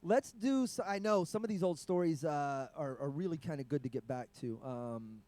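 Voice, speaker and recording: A slightly high-voiced man hosts a loose livestream chat. He tells club stories with plenty of swearing, and he laughs between lines. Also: expressive, moderate pace, warm tone. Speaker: livestream host and comedy club owner. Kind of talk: casual chat and storytelling.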